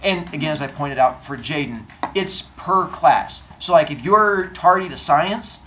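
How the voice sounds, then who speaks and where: A man teaching his class, spinning a comic tale with deadpan exaggeration. His pitch leaps and swoops freely as he tells it. A faint hum of classroom noise sits under his voice. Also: unhurried. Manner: animated storyteller, acts out exchanges in comic voices. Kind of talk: classroom talk to students.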